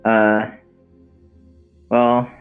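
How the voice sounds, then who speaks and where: A man's voice: on the low side, monotone, extremely slow, smooth, phone-quality sound, soft background music. A man co-streaming a card game, talking in short, hesitant remarks and reluctantly going along. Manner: hesitant, terse, reluctant agreement. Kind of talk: casual gameplay chat.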